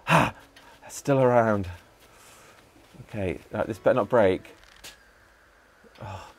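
A man's voice: fairly low pitch, slow, creaky. Chatty man playing a game. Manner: chatty, talks to himself and the game characters, excitable bursts. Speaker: gaming channel host. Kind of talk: casual gameplay commentary. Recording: faint background music.

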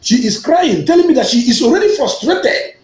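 A man's voice: very high voice, very animated, brisk, reverberant, slight background noise, low-quality recording. A man with a Nigerian accent giving an impassioned, emphatic political talk, often repeating himself and rising to fervent outbursts. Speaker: online activist broadcaster.

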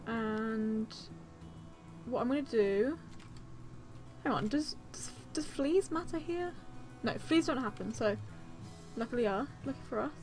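A woman's voice: fairly high pitch, expressive, measured pace, pauses often, a little mellow, faint music behind. Anxious, fretful woman narrating her gameplay. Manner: anxious, fretful, talks to herself while playing. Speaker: gaming channel host. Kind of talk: let's-play commentary.

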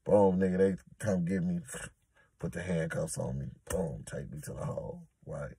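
A man's voice: low-pitched, normal speed, mellow, slightly rough, no room sound. A man telling a prison story in a casual, emphatic, streetwise way.

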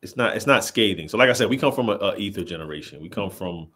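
A man in his thirties co-hosting a casual chat, animated, quoting lines and restarting his sentences. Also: low-pitched, fast talker, crowd noise. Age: 30s. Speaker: podcast co-host. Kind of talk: casual chat about rap.

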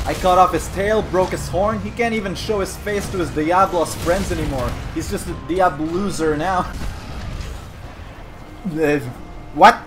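A man playing a game and commenting to his friends, loud, jokey and profane, yelling at the monster. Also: high-pitched, moderate pace, faint music behind. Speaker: gamer. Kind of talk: let's play commentary with friends on voice chat.

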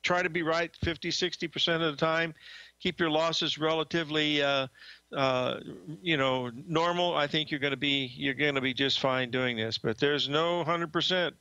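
A man's voice: a little high, steady tone, normal speed, pushed and bright, clean tone, no echo, dull audio. An older man hosting a market show, talking in a folksy, rambling way with many fillers and restarts. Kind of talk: casual trading talk. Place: studio desk.

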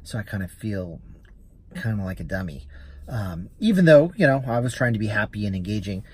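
A man's voice: lowish voice, big pitch swings, brisk, slightly rough. A man, a rideshare driver and vlogger, chatting casually as he recounts a story with quoted dialogue.

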